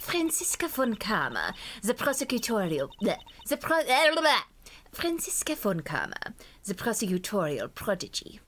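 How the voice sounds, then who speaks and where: A woman voicing an eager, bubbly young female character in a fan game reading, with excitable, bouncy delivery. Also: mid-range voice, moderate pace. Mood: excited.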